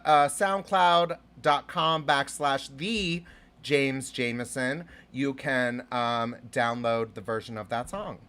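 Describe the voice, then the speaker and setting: A man's voice: medium pitch, takes it slowly, sharp tone. A man hosting a live-streamed show as a drag persona, gushing and casual, with lots of fillers and swearing.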